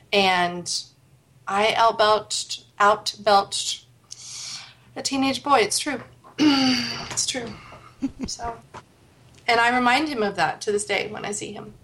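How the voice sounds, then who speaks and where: A woman's voice: medium pitch, a bit bright. A woman in her thirties from the United States, a podcast guest chatting and telling stories. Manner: chatty, storytelling. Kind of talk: casual chat.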